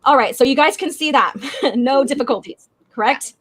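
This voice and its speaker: A woman hosts a relaxed group chat over a video call. Her voice sits slightly high, and she laughs often. She keeps things playful and talkative. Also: normal speed. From Sioux reservation, United States. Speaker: podcast host.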